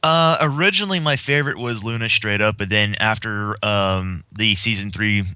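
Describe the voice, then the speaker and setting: A man's voice: lowish voice, normal speed, pushed and bright, clean tone, no echo. A man hosting a casual podcast chat, sleepy and hesitant, often restarting his sentences. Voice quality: hesitant, lots of restarts and fillers. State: sleepy, yawning. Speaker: podcast host.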